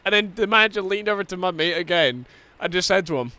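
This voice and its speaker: Bright-voiced, laughing Scottish man. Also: sits high, expressive, quick pace, few pauses. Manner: swears constantly, laughs through his stories. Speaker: streamer. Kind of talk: casual live-stream gaming chat.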